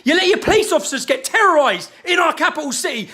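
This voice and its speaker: Angry man in his thirties, pitched very high, tense and cutting, ranting to camera with constant swearing. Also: lively intonation, brisk. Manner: furious, shouting, heavy swearing.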